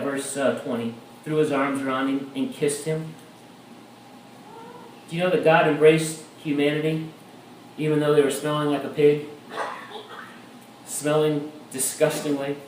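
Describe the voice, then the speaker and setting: A man preaching a sermon as a pastor, animated and rising to shouts at times. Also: on the high side, slight background noise. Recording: echoey room, mic at a distance.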